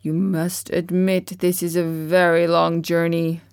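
A woman voicing a longing, plaintive tin man in a storybook reading, speaking slowly. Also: fairly low pitch, little pitch movement, a little mellow, clean tone, dry recording, studio quality.

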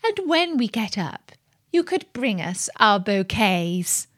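A woman's voice: on the high side, very animated, takes it slowly, slightly rough, no room sound, clean studio sound, exaggerated voice. A woman voicing a scornful eldest princess who jeers and scolds in a storybook reading. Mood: mocking. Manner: jeering, indignant.

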